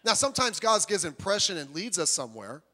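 Animated preacher in a reverberant hall. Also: male voice, high-pitched, brisk. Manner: animated, acts out quoted voices. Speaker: pastor. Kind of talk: sermon.

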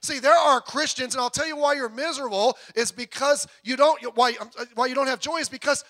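A middle-aged man preaching a sermon as pastor, telling stories with big swings from quiet asides to shouting, often stammering and repeating words. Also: extremely high pitch, fairly quick.

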